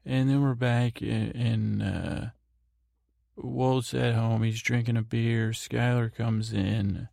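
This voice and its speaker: A man's voice: medium pitch, fairly even intonation, takes it slowly, vocal fry, warm tone, no room sound, clean studio sound. A man hosting a bedtime podcast, giving a rambling recap full of restarts and fillers. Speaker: podcast host.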